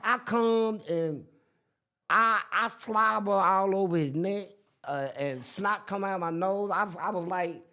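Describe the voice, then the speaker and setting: Appearing as a guest, an older man recounts a story in casual conversation, animatedly voicing each person he quotes differently. He speaks at a measured pace in a high-pitched, clear and resonant voice.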